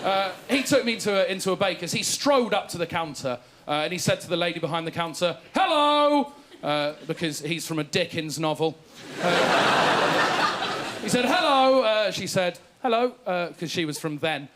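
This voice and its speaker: A young man from England with a high voice does a stand-up set, a self-mocking storyteller with a posh way of speaking who acts out every quote. Loud audience laughter and clicks fill the recording. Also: moderate pace, background noise. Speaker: stand-up comedian.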